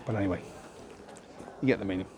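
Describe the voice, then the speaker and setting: A British man with a low voice talks fast as he vlogs outdoors during a walk through town. It's a casual, opinionated monologue full of rhetorical questions, with street noise in the background.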